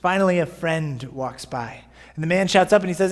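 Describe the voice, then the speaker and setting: Friendly-paced male pastor, sermon podcast, chatty delivery, fairly high voice. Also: brisk. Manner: conversational, often asking "right?".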